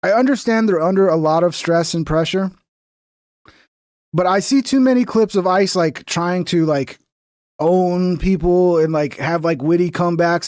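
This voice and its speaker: A man's voice: high voice, moderate pace, darkish tone, no room sound, clean studio sound. A man streaming reaction commentary on video clips, blunt and profane, lecturing with a laugh.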